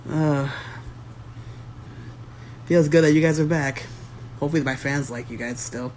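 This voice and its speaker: A man's voice: on the high side, fairly quick, a little mellow, slight background noise. A man in a casual comedy skit, laid-back and crude in his banter. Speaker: comedy video creator.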